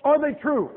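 A middle-aged man preaching a sermon in a folksy, joking way, full of rhetorical questions. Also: a little high. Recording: tinny, echoey church recording.

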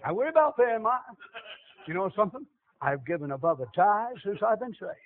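A man's voice: high-pitched, sing-song, a little fast, slight background noise. A middle-aged man preaching a sermon, with an emphatic, repetitive cadence. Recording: tinny phone-like lo-fi audio.

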